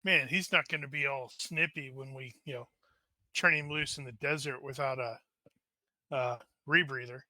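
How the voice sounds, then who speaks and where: A man's voice: medium pitch, fairly even intonation, normal speed, sharp tone, no echo. A man playing a tabletop role-playing game, joking around and often restarting his sentences. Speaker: player. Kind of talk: casual chat at a game table.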